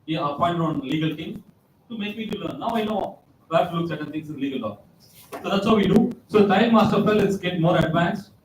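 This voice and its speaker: Speaking a little fast, a man with a somewhat high voice for a male gives a motivational talk as a guest speaker, full of stories and repeated key phrases. The recording is distant, in a big echoing hall with a faint hum in the background.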